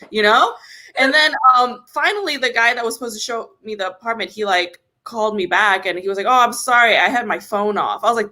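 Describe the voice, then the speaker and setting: A young woman telling a comic story in a casual, exasperated rant, swearing and jumping up in pitch when indignant. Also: animated, a little fast, sharp tone. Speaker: comedy podcast host.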